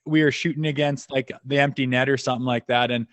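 A man's voice: medium pitch, fairly even intonation, quick pace, no echo. A middle-aged man, a former hockey player guesting on a podcast, telling loose stories with laughs and frequent swearing. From Canada. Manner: laid-back, laughing, swears freely. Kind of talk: casual storytelling.

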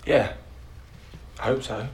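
An actor playing a quiet, sympathetic young man who gives brief replies. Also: slow pace, close to an everyday voice. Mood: subdued.

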